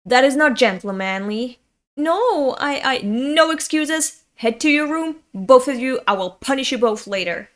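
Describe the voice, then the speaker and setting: A woman voicing a stern older father who scolds in formal, measured speech. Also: sits high, lively intonation.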